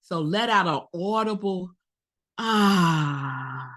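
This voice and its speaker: A woman's voice: medium pitch, slow pace. A woman in her forties, a minister giving a Sunday sermon, telling stories and speaking directly to her congregation. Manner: animated storytelling, addresses congregation directly. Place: spiritual center service.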